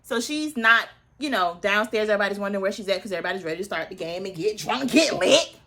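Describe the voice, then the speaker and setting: A woman's voice: medium pitch, very fast, sharp tone. A woman in her early thirties hosting a casual recap, chatty and opinionated, with asides to her viewers. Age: early 30s. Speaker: reality TV recap host.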